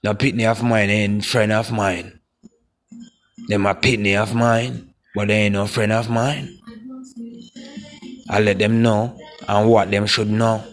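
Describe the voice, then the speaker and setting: A man with a Jamaican accent rants in a profane, preachy way, repeating his words over and over. His voice sits low and stays flat, with barely any rise or fall. Faint music plays behind him. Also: a little slow, long pauses. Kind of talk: ranting monologue.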